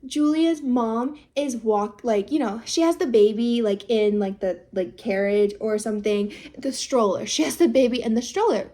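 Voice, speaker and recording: A young American woman casually recaps a drama, chatty and animated, sprinkling in "like" and "okay." She slips into high-pitched voices whenever she quotes people.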